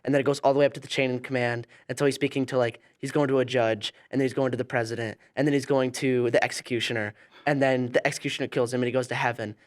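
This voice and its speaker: A young man hosts a relaxed podcast, laughing often and reacting quickly to his guest. He retells a joke of his own in a chatty, easygoing way, at a middle pitch for a man. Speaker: podcast host. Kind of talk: casual chat.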